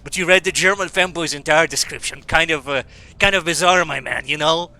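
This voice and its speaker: A man's voice: a little high, fairly quick, pushed and bright. A man with an Australian accent doing casual, rambling gaming commentary, reading game text aloud between asides. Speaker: streamer.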